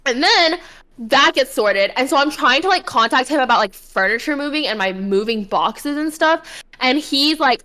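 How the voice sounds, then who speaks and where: A woman's voice: high-pitched, lively intonation, moderate pace, pushed and bright, low-quality recording. A young woman co-hosting a podcast, ranting animatedly in casual chat, swearing and filling every sentence with "like". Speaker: podcast co-host.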